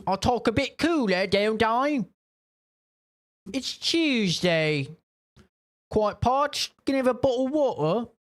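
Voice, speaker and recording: A man doing a high, prissy mock-British impression of a pompous Englishman. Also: lively intonation, slow pace, pauses often, heavily acted. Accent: exaggerated mock British. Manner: mocking, prissy and high-pitched. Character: pompous mock-posh Englishman, young adult. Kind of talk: mocking impression during a game stream.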